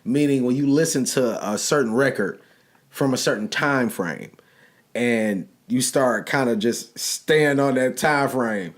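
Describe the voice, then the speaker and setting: A man's voice: medium pitch, a little slow. A man co-hosting a podcast, playful and slangy, laughing easily as he talks. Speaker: podcast co-host. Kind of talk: casual chat.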